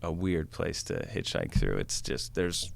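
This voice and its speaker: A man's voice: very deep voice, very animated, a little slow, vocal fry, no echo. A man chatting as a podcast guest, telling stories in a rambling, casual way with many fillers. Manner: rambling, lots of fillers and acted quotes. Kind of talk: casual storytelling.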